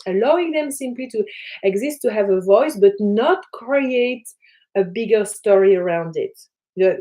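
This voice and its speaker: Woman, spiritual teacher, gentle and rambling, mid-pitched, at home. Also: poor audio. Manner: soft, flowing, repeats phrases with many fillers. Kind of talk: casual teaching talk. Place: her flat.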